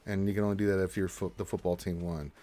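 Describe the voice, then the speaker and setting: A man's voice: low-pitched, little pitch movement, quick pace, background noise. A man from Texas hosting a casual gaming live stream, rambling loosely, joking and swearing as he reads out chat.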